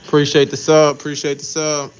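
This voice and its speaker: A man's voice: on the high side, completely flat delivery, brisk, clear, resonant tone, low-quality recording. A man with a New Orleans accent, a tattoo artist chatting casually with viewers on a livestream while he works in his shop. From New Orleans, Louisiana. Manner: laid-back, slangy, greets chat viewers.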